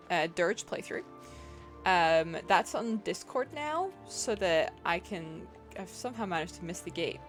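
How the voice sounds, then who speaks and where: A woman streaming a video game, chatting casually, reacting to the game and greeting viewers in a playful, self-deprecating way. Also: mid-range voice. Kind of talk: casual gameplay commentary.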